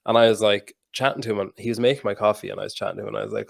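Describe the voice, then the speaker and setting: A man hosting a podcast, telling a story with animated quoted dialogue and plenty of swearing. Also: fairly low pitch, rapid-fire, gravelly, few pauses. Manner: animated anecdote-telling, swears freely, mimics people in quotes. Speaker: podcast host. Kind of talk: casual podcast conversation, storytelling.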